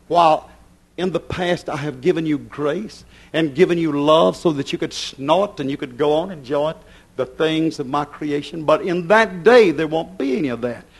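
A man preaching a fiery sermon, swinging between thundering shouts and low, intense passages. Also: husky.

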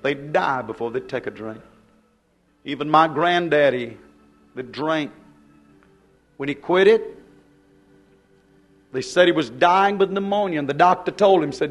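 Fervent high-voiced preacher. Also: male voice, unhurried, pauses often. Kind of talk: sermon.

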